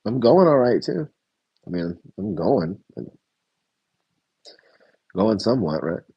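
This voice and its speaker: A man's voice: on the low side, sing-song, slow, vocal fry, slightly rough, no room sound, dull audio. A man casually reviewing a reality TV episode, rambling, correcting himself, swearing now and then and chuckling. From United States. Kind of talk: casual reaction review chat.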